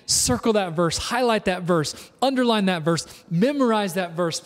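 A man's voice: high voice, lively intonation, moderate pace, hardly any pauses. A man preaching as a pastor, earnest and emphatic, repeating phrases as he builds his points. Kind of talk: sermon. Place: church service, filmed. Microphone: camera. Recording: long hall reverb.

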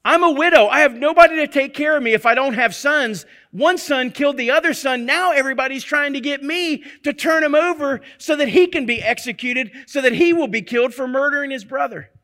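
A man's voice: extremely high pitch, brisk, hardly any pauses, bright, forceful tone, voice pushed up. A man voicing a distressed widow who pleads before a king, in an earnest retelling. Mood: pleading.

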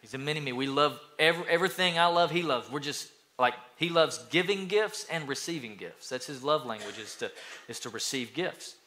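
A man's voice: on the high side, a little fast. A middle-aged man from East Tennessee preaching a sermon as pastor, telling family stories and acting out children's lines. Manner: storytelling, acts out children's voices, lively.

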